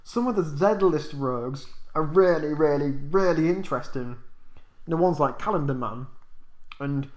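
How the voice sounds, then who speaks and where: A man's voice: fairly high pitch, unhurried, a little mellow. A man co-hosting a casual chat, rambling and repeating words as he thinks. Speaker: co-host. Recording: echoey room.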